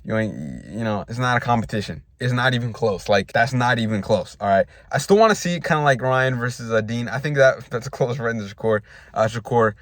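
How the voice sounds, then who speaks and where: A man's voice: medium pitch, lively intonation, a little fast, few pauses, a bit bright, dry recording. A young man hosting a casual boxing news vlog from a parked car, rambling in slang with frequent restarts. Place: parked car in a school parking lot.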